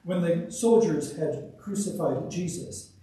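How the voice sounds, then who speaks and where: A man's voice: a little high, mellow. Solemn man reading scripture, echoey church. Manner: measured, solemn delivery. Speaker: scripture reader. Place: church sanctuary. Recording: echoey church, distant mic.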